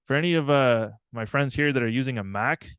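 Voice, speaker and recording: A man's voice: medium pitch, brisk, fairly bright tone, clear, resonant tone, no echo, clean studio sound. A man giving a live online talk, telling a personal story in an earnest, reflective way and often checking in with "right?".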